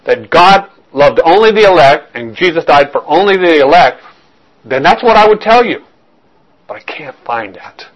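A man's voice: fairly high pitch, rough recording. A man preaching a sermon as a pastor, talking earnestly, repeating words and restarting phrases as he reasons aloud.

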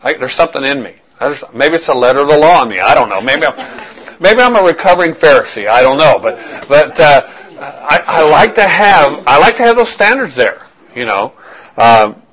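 A man's voice: on the high side, big pitch swings, moderate pace, fairly bright tone, low-quality recording. Conversational man teaching a sermon. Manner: conversational, checks in with the congregation, repeats himself. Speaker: pastor. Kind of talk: verse-by-verse sermon.

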